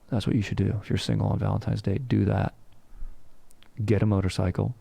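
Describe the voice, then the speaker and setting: A man's voice: lowish voice, little pitch movement, a little fast, vocal fry, pauses often, dark tone, husky, no room sound. A man hosting a casual comedic history show, rambling and slangy, cursing freely. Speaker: history podcast host.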